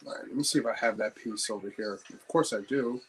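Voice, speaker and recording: A man's voice: fairly low pitch, quick pace, slight background noise. Chatty young man rambling while building. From New Jersey. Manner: rambling anecdotal storyteller, chats with viewers. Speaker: livestream host. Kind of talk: casual chat while building.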